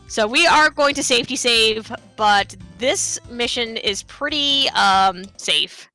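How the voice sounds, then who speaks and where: A woman speedrunner narrates her live game run in a loose, chatty way, full of fillers and playful asides. Her voice is high and bright. The talk is easygoing and conversational. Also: slow, few pauses, dry recording, soft background music. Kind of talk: casual live game commentary.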